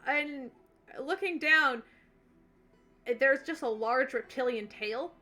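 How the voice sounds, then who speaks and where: Bright, fairly high woman game master, casual rambling narration, soft music bed. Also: slow. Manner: casual, loose narration full of "like" and "kind of".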